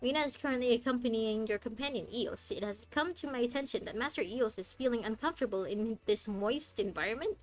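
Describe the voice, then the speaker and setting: A woman voicing a courteous, formal male butler, speaking in a polite, measured way. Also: fairly high pitch, faint music behind, close to an everyday voice, poor audio.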